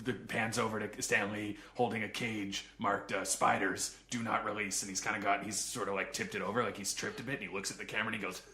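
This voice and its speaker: Gravelly bright-voiced man riffing deadpan. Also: on the low side, fast talker, few pauses. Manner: deadpan storytelling with frequent laughs. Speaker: show host. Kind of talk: improvised comedy banter.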